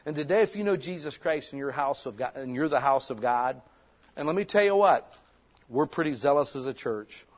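A middle-aged pastor preaching a sermon in an impassioned, conversational way, full of rhetorical questions. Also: male voice, mid-range voice, lively intonation, normal speed.

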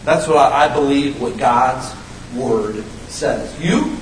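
A man in his fifties preaching a sermon as pastor, folksy and animated, with sudden shouted bursts. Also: medium pitch, takes it slowly, slight background noise. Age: 50s. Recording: echoey room, voice from a distance.

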